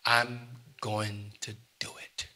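An older man preaching a sermon to his congregation in church, shifting from quiet asides to loud emphatic declarations. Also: on the low side, level tone, slow. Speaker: pastor.

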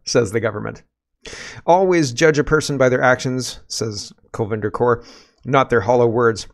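An animated man in his forties delivers a casual commentary monologue. He keeps a mid-range voice and often chuckles between his points. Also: mid-range voice, normal speed, creaky. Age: 40s. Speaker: political commentary host.

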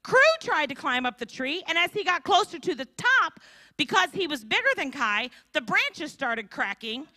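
A woman's voice: sits high, normal speed, dry recording. A woman, preaching at a women's conference and telling stories with acted-out voices. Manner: animated storytelling with acted-out voices. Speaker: conference speaker. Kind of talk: sermon.

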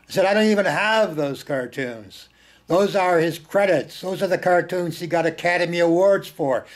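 A man's voice: fairly high pitch, normal speed. A man hosting film screenings tells stories informally and with animation, repeating words for emphasis and slipping in blunt, earthy remarks. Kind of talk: informal storytelling talk.

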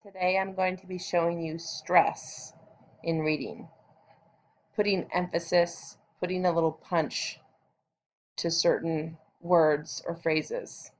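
A woman teacher giving a reading lesson for children, explaining and then reading a story aloud with deliberate stress on words. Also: on the low side, steady tone. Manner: clear instructional delivery for children.

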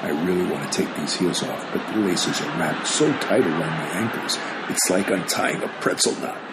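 A man's voice: low voice, moderate pace, heavy background noise. A man narrating a scripted memoir in a dry, wry storytelling manner. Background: guitar music.

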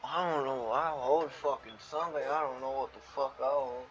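A man's voice: medium pitch, fairly even intonation, moderate pace, muffled recording, a little hiss or hum. A young man in casual gaming chat, laid-back and swearing a lot, talking into a headset. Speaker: gamer.

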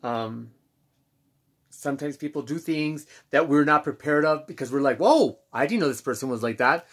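Halting, candid man with a higher voice. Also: lively intonation, slightly rough. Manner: halting, reflective, many pauses and restarts. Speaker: self-help channel host. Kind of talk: candid personal monologue.

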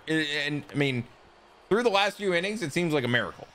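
A young man commentating his own video game in a casual way, his voice leaping from mumbled asides to sudden loud yelps. His tone is bright and forceful, and faint game music plays underneath. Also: a little high, normal speed. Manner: excitable, swings from loud outbursts to mumbling asides; self-deprecating jokes. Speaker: gaming YouTuber.

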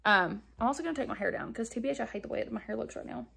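A woman's voice: fairly high pitch, rapid-fire, gravelly, bright, forceful tone, husky. A young woman chatting candidly while doing her makeup on camera, talking loosely with plenty of fillers. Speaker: beauty vlogger. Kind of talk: casual get-ready-with-me chat.

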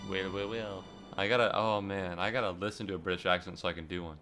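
A man streaming a game, giving energetic, joking commentary and swearing freely. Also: sits low, quick pace, music in the background. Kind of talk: casual gameplay commentary.

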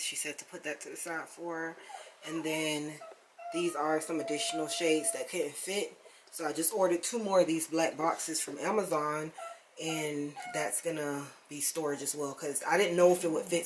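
A woman's voice: low voice, fairly even intonation, moderate pace, background noise. A woman vlogging at home in a casual, chatty way, talking straight to her viewers. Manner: chatty and easygoing, calls the viewer "child". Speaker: lifestyle vlogger. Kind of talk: casual chat to camera. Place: home, indoors. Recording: echoey room.

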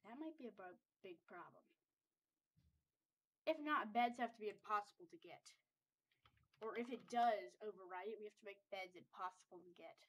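A woman's voice: mid-range voice, moderate pace, long pauses, rough recording. A woman with a congested voice, rambling and thinking aloud in casual gameplay commentary as she builds. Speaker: server owner playing a game.

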